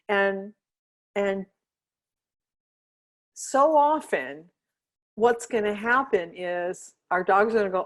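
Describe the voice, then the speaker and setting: A woman who trains dogs talks through her podcast in a relaxed, chatty way, with her voice sitting in an ordinary middle pitch. She explains things earnestly and step by step, and she keeps checking in with her listener as she goes. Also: slow pace, pauses often. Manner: chatty, checks in often with "right?" and "you know what I mean?". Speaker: podcast host and dog trainer. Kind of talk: casual podcast talk.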